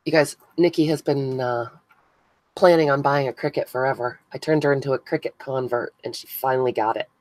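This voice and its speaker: A woman with a rumbling low, darkish voice hosts a casual craft live stream from her crafting table, chatting with viewers by name while gluing buttons and thinking aloud. She speaks briskly in a steady tone, and the recording is dry with no room sound and low quality.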